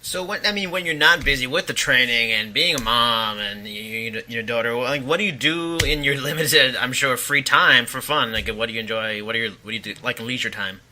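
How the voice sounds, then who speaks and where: A man's voice: medium pitch, a little fast, few pauses, pushed and bright. A man hosting an interview podcast, asking loose, rambling questions. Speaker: podcast host.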